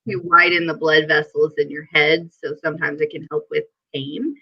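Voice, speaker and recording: A woman hosting a live stream, chatting casually and telling stories in a giggly, animated way over a video call. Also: deep voice, normal speed, creaky, husky, muffled recording. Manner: giggly, animated storytelling with quoted asides. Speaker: host.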